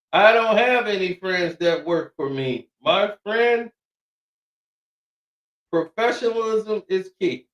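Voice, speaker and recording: High-voiced laughing man, slow and roomy. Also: expressive, a bit bright, highs cut off. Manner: laughs often, reads quotes in mocking voices. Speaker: commentary streamer. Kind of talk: comedic commentary reading messages. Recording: echoey room, far from mic.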